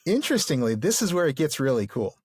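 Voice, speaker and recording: A man's voice: on the high side, sing-song, normal speed, darkish tone, husky, no room sound, studio quality. A man co-hosting a podcast, explaining literature casually and enthusiastically, with plenty of fillers. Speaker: podcast co-host.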